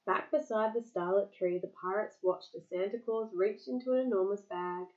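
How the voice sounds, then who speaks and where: The highs are cut off in this clip of a mid-range-voiced woman reading a picture book aloud. She's lively with the child, breaking off to explain words and answer their questions.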